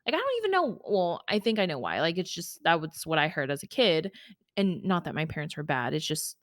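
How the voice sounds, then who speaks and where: A woman with a fairly low voice and big pitch swings hosts a podcast, talking a little fast in a casual, emotional monologue about her own life full of "like" and "y'all." Her audio is studio quality with no room sound.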